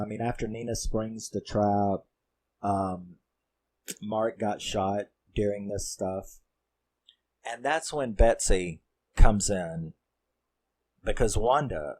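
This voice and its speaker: Rambling horror reviewer, male, lowish voice, swears a lot and gets worked up. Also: darkish tone. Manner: rambling, profane and fired up. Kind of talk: casual spoken film recap.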